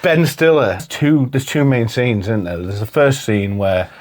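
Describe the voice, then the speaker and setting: A man's voice: mid-range voice, measured pace, heavy background noise. A man co-hosting a casual chat, rambling and laughing while acting out quotes. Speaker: co-host.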